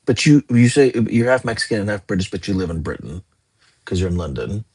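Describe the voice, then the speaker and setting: A man's voice: on the low side, very animated, fairly quick, a little mellow, slightly rough. A young man hosting a casual livestream, chatting and answering viewer comments in a rambling way. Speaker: livestream host. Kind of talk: casual live chat reading comments.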